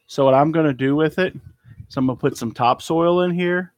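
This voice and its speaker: A slightly high voice, a little fast, comes from an eBay reseller giving a casual live chat about his haul in a cluttered indoor storage room. He rambles and trails off with ums, and there's no room sound on the audio.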